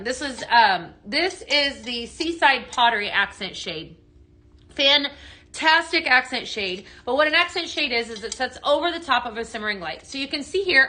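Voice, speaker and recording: Upbeat woman selling stuff live on stream, kinda high voice, really bright and sharp tone. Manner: bubbly, upbeat, greets viewers by name. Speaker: live shopping stream host. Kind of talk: chatty live product demo.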